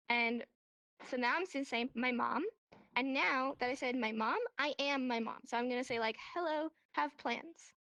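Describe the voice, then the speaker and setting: High-voiced woman teaching a casual class. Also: dry recording, dull audio. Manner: animated, acts out examples in voices. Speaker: sign language teacher. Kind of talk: casual online class explanation. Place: VR chat room.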